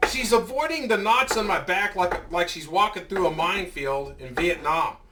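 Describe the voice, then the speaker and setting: A man's voice: sits high, normal speed, sharp tone, distant mic, slight background noise. A man in his fifties telling a story as a vlogger, ranting heatedly and swearing a lot. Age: 50s. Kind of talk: casual storytelling.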